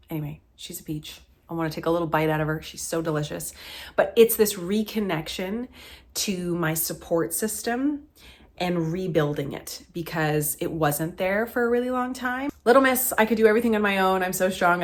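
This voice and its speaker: A woman in her thirties chatting to camera as a vlogger, heartfelt and close to tears, with many fillers. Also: sits low. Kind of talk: casual chat to camera.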